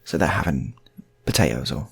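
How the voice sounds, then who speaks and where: Gravelly man telling improvised stories. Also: rumbling low, animated, moderate pace. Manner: rambling, chatty asides. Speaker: storyteller. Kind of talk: improvised comic storytelling.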